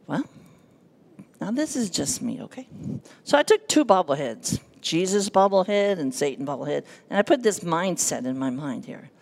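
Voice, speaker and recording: Gravelly-voiced woman telling a church testimony. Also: medium pitch, moderate pace. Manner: animated storytelling, acting out quoted voices, self-deprecating humor. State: nervous. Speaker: church speaker giving testimony. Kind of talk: personal testimony to a congregation.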